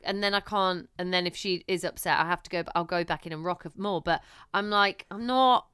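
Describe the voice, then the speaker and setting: A woman's voice: on the low side, brisk, clear, resonant tone, no room sound, clean studio sound. A woman, co-hosting a casual chat podcast and telling stories animatedly. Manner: animated storytelling, acts out her own reactions. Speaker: podcast co-host.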